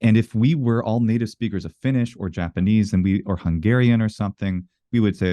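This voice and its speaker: A man's voice: lowish voice, fairly quick, mellow, no echo. A man being interviewed in a casual conversation, explaining his views at length with earnest self-corrections. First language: English. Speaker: interview guest.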